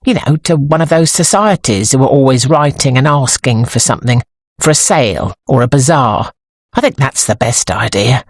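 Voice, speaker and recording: A woman with an English accent voicing a brisk, matter-of-fact woman dressmaker in an audiobook, talking in a dry, businesslike manner. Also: extremely low pitch, expressive, dry recording, exaggerated voice. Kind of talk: audiobook character voice.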